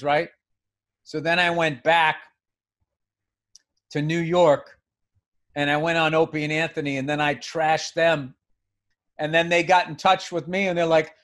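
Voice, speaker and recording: Man from the US East Coast, podcast co-host, blunt and profane, high voice. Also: steady tone, normal speed, fairly bright tone. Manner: blunt, profane, self-mocking. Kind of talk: casual storytelling chat.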